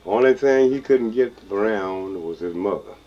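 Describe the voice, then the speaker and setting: An older man with a Texas Southern accent, telling a folk story in a slow, drawling, chuckling way. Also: lowish voice. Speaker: blues songster and storyteller. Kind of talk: folksy spoken storytelling. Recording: dull lo-fi field recording with guitar.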